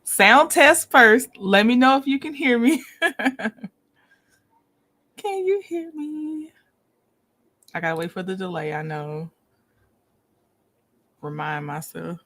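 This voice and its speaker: A woman hosting a casual livestream, greeting viewers by name, lively and quick to laugh. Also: a little high. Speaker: livestream host.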